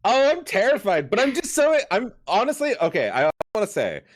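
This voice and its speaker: A man's voice: sits high, huge pitch swings, a little fast. A young adult man streaming live, joking around with silly repeated catchphrases. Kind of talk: casual live-stream chat.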